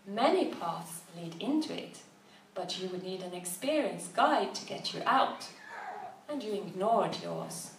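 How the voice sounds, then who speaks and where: A woman voicing a wise, cheerful elderly woman who speaks gently and patiently, recorded from a distance in a roomy space. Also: medium pitch, animated, measured pace, close to an everyday voice. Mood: gentle. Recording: roomy, distant mic, faint background noise.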